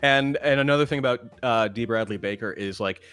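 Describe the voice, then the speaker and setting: A man's voice: medium pitch, brisk, fairly bright tone, clean tone. Casual swearing man on a voice call. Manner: casual, swears freely, laughs often. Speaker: guest voice actor. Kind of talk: casual chat.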